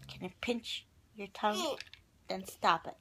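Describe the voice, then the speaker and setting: A woman's voice: medium pitch, a little slow, bright, forceful tone, slight background noise. A woman talking playful, teasing baby talk to a little child at home, coaxing him with animal sounds and questions. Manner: teasing, sing-song, coaxing. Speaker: caregiver playing with a baby.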